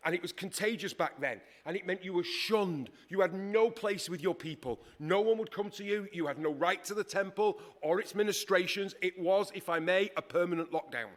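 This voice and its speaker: Emphatic man preaching a sermon. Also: high voice. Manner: conversational, emphatic, with dramatic pauses and acted quotes.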